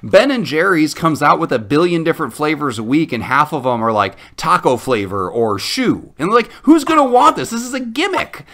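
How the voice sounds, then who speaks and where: Lively, bright-voiced man debating. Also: on the high side, moderate pace, few pauses. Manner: animated, laughs often, mock-outraged. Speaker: debate show co-host. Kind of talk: playful mock debate.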